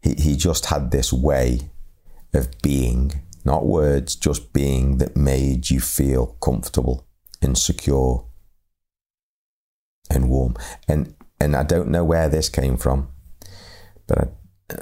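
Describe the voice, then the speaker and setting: A middle-aged man telling a reflective story, halting and repeating words in a slow, measured way. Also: extremely low pitch, level tone, mellow. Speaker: speaker sharing lessons on leadership.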